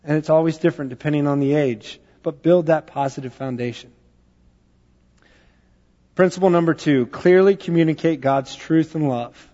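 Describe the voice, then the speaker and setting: A man's voice: on the high side, normal speed, dark tone. A man giving a sermon as a pastor, talking in a conversational storytelling way with frequent fillers. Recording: dull sound with long hall reverb.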